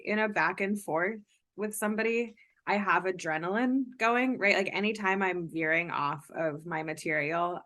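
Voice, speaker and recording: A young woman comedian, a guest on a casual podcast, giving thoughtful, measured answers. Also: lowish voice, fairly bright tone.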